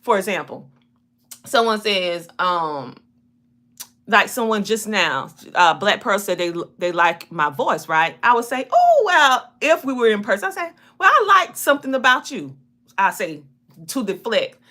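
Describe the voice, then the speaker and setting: A woman with a Southern twang talks casually on her live stream. Her voice is bright and forward, and she keeps the chat lively and personal, calling out to viewers as they come in. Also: mid-range voice, measured pace. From South Carolina. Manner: lively, chatty, greets viewers by name.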